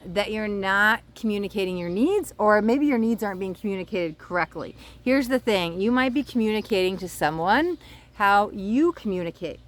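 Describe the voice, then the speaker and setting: A woman's voice: mid-range voice, fairly bright tone. A woman giving a casual, rambling oracle card reading to camera outdoors by the water, often checking in with her viewers.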